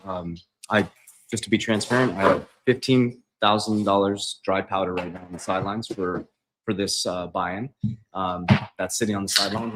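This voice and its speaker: A man with a deep, low voice hosts a relaxed livestream from his kitchen. He talks loosely and conversationally, often tossing in "man," and reads viewer questions aloud before answering them off the cuff. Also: background noise. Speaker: investing coach. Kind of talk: casual livestream Q&A. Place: home kitchen.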